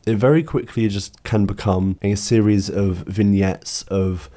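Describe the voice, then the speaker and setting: Man, young adult, video essay commentary, wry sarcastic asides, fairly low voice, mellow tone. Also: steady tone, unhurried. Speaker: film critic and video essayist.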